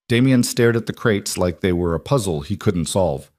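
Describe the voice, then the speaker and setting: A man narrating a dark crime story in a steady, grave, scripted manner. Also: lowish voice, normal speed, hardly any pauses, dry recording, clean studio sound.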